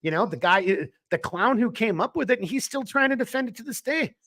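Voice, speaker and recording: A man's voice: sits high, animated, a little fast, pushed and bright. A man from Minnesota co-hosting a podcast, talking bluntly and swearing as he rants in casual political chat. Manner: blunt, swears, worked-up ranting. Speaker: podcast co-host; small business owner.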